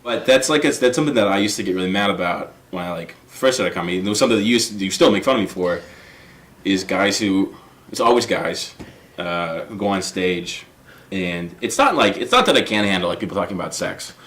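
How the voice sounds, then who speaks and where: A young man in casual podcast chat, his voice bright and forceful. His pitch swings widely as he tells stories, and he breaks into laughter and acts out other people's lines. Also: fairly quick. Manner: animated, laughs often, acts out quotes. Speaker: stand-up comedian guest.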